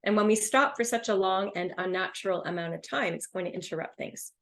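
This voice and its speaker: A woman's voice: medium pitch, fairly quick. A woman instructor leading an online exam prep lesson in an upbeat, emphatic way. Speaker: webinar instructor.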